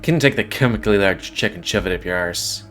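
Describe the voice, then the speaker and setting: Brief: gameplay streamer, male, fairly low voice, loose joking commentary, faint music under him. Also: fairly quick. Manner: rambling, joking, thinking aloud. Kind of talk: casual let's-play commentary. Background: faint game music.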